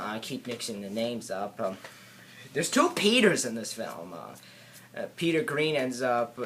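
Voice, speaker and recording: Guy rambling thru a movie review, lots of ums and restarts, middle pitch, bit of hiss behind. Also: a bit bright. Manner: hesitant, halting, many filler words and restarts. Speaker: film reviewer. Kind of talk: casual spoken film review.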